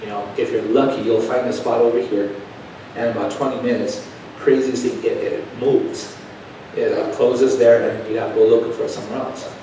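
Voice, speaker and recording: A man preaching to his church, spinning a folksy story that swells from hushed asides to loud, emphatic telling. His mid-pitched voice sits at a distance from the mic, with a faint hiss under it. The sound is very roomy, ringing around the sanctuary. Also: level tone, a little fast. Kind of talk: storytelling sermon. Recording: echoey church room heard from a distance.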